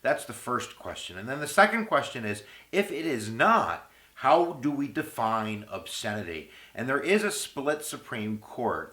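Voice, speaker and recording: A man giving an energetic history video lecture, full of goofy jokes and playful asides. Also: on the low side. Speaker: history teacher. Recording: roomy echo with faint music.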